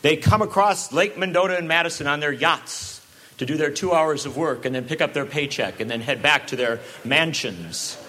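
A man giving a public talk with sarcastic, animated delivery and frequent asides. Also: on the high side, moderate pace. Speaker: speaker.

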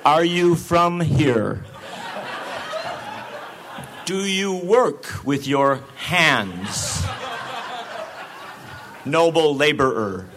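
A man mimicking a condescending newspaper reporter, speaking loudly and slowly to a worker. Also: on the high side, lively intonation, background noise, heavily acted. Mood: patronizing. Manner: loud, slow, patronizing.

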